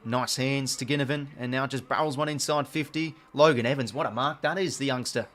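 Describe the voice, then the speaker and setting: An Australian man hosting a live watch-along, calling the play as it happens, getting excited on big plays and chatting to his viewers in between. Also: mid-range voice, a little fast. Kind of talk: live play-by-play commentary over a match.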